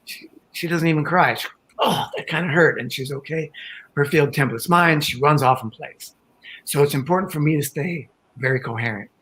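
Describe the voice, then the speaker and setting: An older man calmly explaining ideas as a guest on an online panel talk. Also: on the high side, moderate pace, rough recording. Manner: calm, explanatory, with acted quotes.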